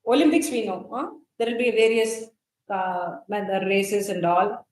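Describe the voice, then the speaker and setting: A woman's voice: mid-range voice, a little slow, a little mellow, roomy sound, low-quality recording. A woman with an Indian English accent teaching a college English class, explaining poetic terms and quizzing students, with frequent fillers. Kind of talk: classroom lecture on a poem.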